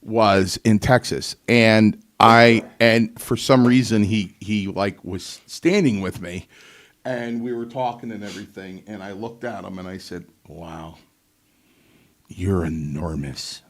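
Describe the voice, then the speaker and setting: A man's voice: lowish voice, unhurried. A middle-aged man, a podcast co-host, telling stories in a casual chat and acting out other people's lines. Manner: animated anecdote-telling, mimics others. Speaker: co-host, former wrestler.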